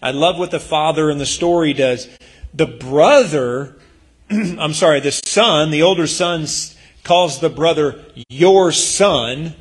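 A man's voice: a little high, a little slow. A male pastor preaching in a church, talking in an earnest, conversational way with emphatic bursts. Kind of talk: sermon.

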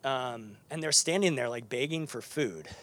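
A man preaching a sermon to a live congregation, chatty and animated, with lots of fillers and restarts. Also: medium pitch, moderate pace. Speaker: pastor. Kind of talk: conversational sermon.

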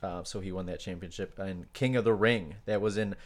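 A man co-hosting a podcast, talking casually with many pauses and fillers as he works through his notes. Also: sits low. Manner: hesitant, many fillers, loses his place. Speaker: podcast co-host.

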